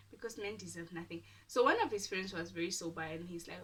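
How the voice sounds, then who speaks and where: Young woman, storytime YouTuber, lively and forceful, slightly off-mic. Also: on the low side, fast talker, far from the mic. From Namibia. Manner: animated, laughing, dramatic whispered asides. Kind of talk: casual storytime.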